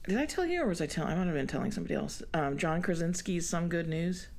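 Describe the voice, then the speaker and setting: A woman co-hosting a casual podcast chat, talkative and quick to laugh, often putting on a high squeal to act out her own reactions. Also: expressive, vocal fry, a little mellow. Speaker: podcast co-host.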